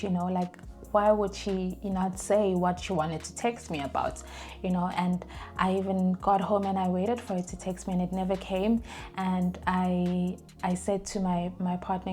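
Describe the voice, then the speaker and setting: A young adult woman vlogging in a casual storytelling way, chatty and animated, with plenty of fillers and restarts as she acts out the phrases she quotes. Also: lowish voice, measured pace, faint music behind.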